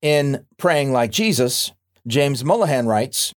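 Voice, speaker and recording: A man's voice: mid-range voice, animated. Wry man reading a nonfiction book. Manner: wry, gently humorous, measured reading. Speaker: audiobook narrator. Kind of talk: scripted nonfiction narration.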